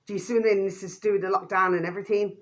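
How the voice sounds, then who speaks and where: A woman's voice: mid-range voice, steady tone, rapid-fire. A woman vlogging an angry rant to her viewers, swearing mildly and calling them by a pet phrase again and again. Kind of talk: ranting monologue to camera.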